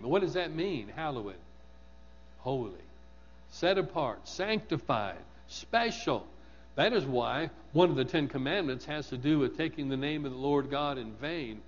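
A man's voice: medium pitch, expressive, unhurried, big-room sound, lo-fi sound, a little hiss or hum. A man preaching a sermon, asking his congregation questions and repeating words for emphasis.

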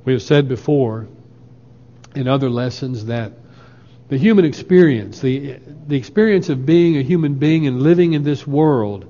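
A man preaching a sermon in a slow, earnest way, quoting scripture at length. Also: medium pitch, warm tone. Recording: lo-fi with long hall reverb.

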